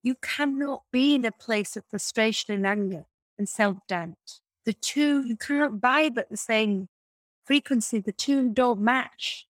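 Guest coach, woman, high voice, emphatic and repetitive, dry close sound. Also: measured pace, dry recording, poor audio. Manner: emphatic, repeats key phrases. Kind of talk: podcast interview answer.

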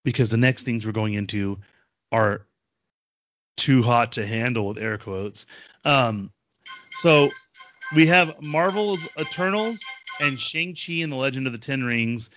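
Bright-voiced excitable male podcast co-host. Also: medium pitch, unhurried, long pauses, dry recording, soft background music. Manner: chatty, excitable, with frequent fillers. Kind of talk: casual chat.

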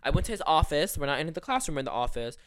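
A young man from Palestine, co-hosting a podcast and telling stories in a rapid, animated way, full of "like.". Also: fairly high pitch, no room sound, studio quality. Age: young adult. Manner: rapid, animated storyteller, lots of "like". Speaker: podcast co-host. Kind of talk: casual chat, storytelling.

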